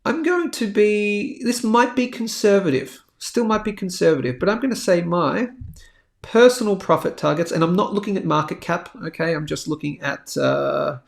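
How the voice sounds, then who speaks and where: A man's voice: high voice, normal speed, gravelly. A man hosting a live crypto show, talking bluntly and chattily while working through a price chart. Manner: blunt, chatty, slangy, thinking aloud while drawing on a chart. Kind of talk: live-stream market chart commentary.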